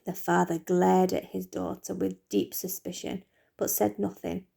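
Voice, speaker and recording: A woman teacher reading a children's book aloud in a lively, expressive way. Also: lowish voice, measured pace, creaky, husky.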